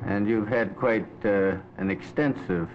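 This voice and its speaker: A man with a lowish voice asks courteous questions in a formal broadcast style. The recording is dull and lo-fi, from the 1950s. A faint hiss sits underneath. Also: a little slow. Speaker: interviewer.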